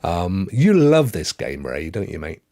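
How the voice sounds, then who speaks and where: A man's voice: low-pitched, big pitch swings, a little slow, mellow, dry recording, clean studio sound. A man in his fifties from Devon with a West Country English accent, co-hosting a gaming podcast with teasing, jokey banter. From Devon, England. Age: 50s. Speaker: podcast co-host. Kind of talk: casual banter.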